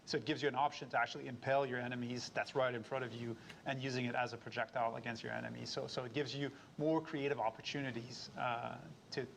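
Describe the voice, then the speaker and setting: A man's voice: medium pitch, level tone, fast, creaky, few pauses, a bit bright, a little hiss or hum. A game developer, a man, who stumbles over his words while explaining.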